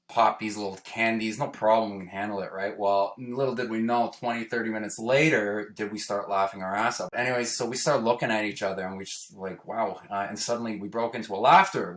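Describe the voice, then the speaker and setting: A man from Toronto telling a personal story in a casual, animated way. He acts out the quoted lines and tags his sentences with "right?". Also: on the low side. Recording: roomy echo.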